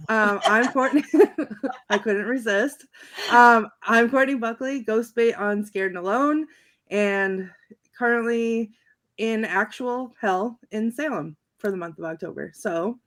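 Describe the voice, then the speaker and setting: A woman with a slightly high voice co-hosts a casual panel over a video call. She talks slowly and playfully. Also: a bit bright. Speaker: co-host.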